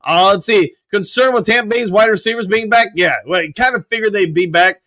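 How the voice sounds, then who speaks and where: Dude running a fan livestream, reads chat out loud, lots of uhs, kinda high voice. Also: male voice. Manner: chatty, reads viewer comments aloud and answers them; loose, with frequent "uh" and quick self-corrections. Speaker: livestream host. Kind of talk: casual live-chat sports talk.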